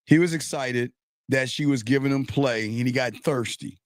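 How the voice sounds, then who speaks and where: A man's voice: medium pitch, moderate pace, dry recording, clean studio sound. A man hosting a talk show, blunt and exasperated, pressing a caller with repeated questions. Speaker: host. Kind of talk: casual chat.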